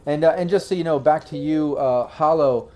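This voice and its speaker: A man's voice: a little high, normal speed, warm tone, slight background noise. A man narrating as game master, rambling along with many fillers and restarts.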